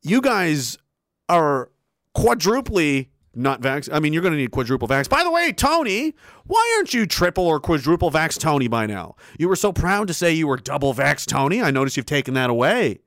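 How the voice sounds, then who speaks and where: A man ranting on a livestream, voice high and swinging wildly up and down. His tone is sharp and biting, and he swears freely and hammers his points home. The sound is close and dry. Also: sing-song, normal speed, no room sound. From Canada. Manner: profane, forceful, repetitive. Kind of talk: heated monologue rant on stream.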